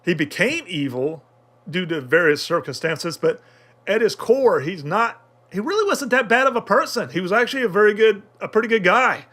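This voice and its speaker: A man's voice: high voice, expressive, moderate pace, sharp tone. Rambling, filler-heavy male anime reviewer. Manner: rambling, many fillers and restarts. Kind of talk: casual commentary.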